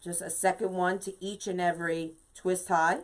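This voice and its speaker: A woman's voice: on the low side, flat delivery, normal speed. A woman in her fifties leading a live craft tutorial, chatty and emphatic, greeting viewers by name as she works. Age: 50s. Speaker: craft instructor and shop owner.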